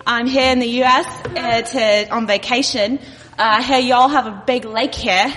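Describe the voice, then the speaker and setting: A woman's voice: fairly high pitch, fairly even intonation, a little slow, fairly bright tone. A woman putting on an Australian accent to voice a cheery woman on vacation. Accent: Australian, put on. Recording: noisy live venue with long reverb.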